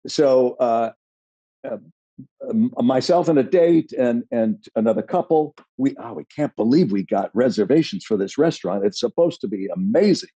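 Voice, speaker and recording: A man guest on a podcast telling animated, rambling stories in casual chat. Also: mid-range voice, normal speed, slightly rough, dry recording, muffled recording.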